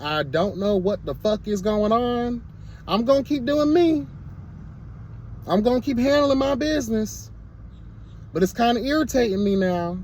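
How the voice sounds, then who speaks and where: A man's voice: sits high, a little mellow, a little hiss or hum. A man vlogging his commentary in a sassy, emphatic rant, full of repeated exclamations. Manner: sassy, emphatic, repeats "girl" and "hello, God". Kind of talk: candid to-camera rant.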